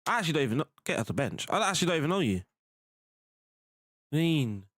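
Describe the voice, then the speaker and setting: An excitable man chats his way through a football management game, often breaking into shouts at the action. His voice sits a touch high, and the room is dry and close. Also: fast, dry recording. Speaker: gaming streamer. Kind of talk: live game commentary.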